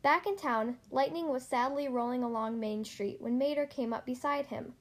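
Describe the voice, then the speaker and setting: High-voiced woman reading a children's story. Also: normal speed, few pauses. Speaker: storybook reader. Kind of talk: children's story read-aloud.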